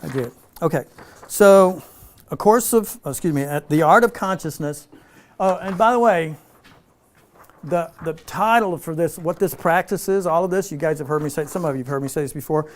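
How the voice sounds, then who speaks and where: A man leading an informal spiritual teaching for a small group, relaxed and playful, slowing down for emphasis. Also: on the high side. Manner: relaxed, playful, laughs often, slows for emphasis.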